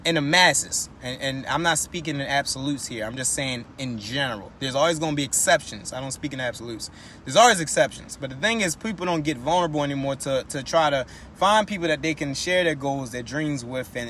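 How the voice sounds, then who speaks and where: A man giving a casual, slangy motivational talk, animated and repeating phrases as he goes. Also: fairly high pitch, a little hiss or hum. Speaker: motivational speaker.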